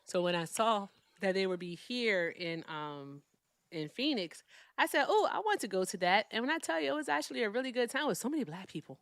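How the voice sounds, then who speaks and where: A woman's voice: mid-range voice, animated, dry recording, clean studio sound. Chatty woman livestream host, Midwestern accent. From Virginia. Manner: chatty, reads out viewer gifts with quick thanks. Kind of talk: casual livestream chat.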